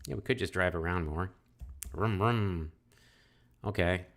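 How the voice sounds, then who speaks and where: A man's voice: deep voice, unhurried, fairly bright tone. A man hosting a casual game playthrough, reading game text aloud and musing with fillers as he goes. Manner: chatty, musing, many fillers and restarts. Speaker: let's-play host.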